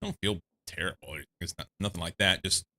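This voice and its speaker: A man streaming a game with a lowish, bright-edged voice, talking himself through each step in loose, chatty commentary. He sounds a little congested and laughs easily. He is from the United States and speaks close to a desk mic. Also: a little fast. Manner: thinking aloud, chatty, laughs often. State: slightly congested. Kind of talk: casual gameplay commentary.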